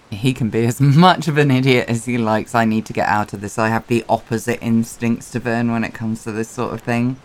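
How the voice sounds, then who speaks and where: A man's voice: mid-range voice, steady tone, moderate pace. A man playing a tabletop role-playing game, making dry, wry remarks in character. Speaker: player.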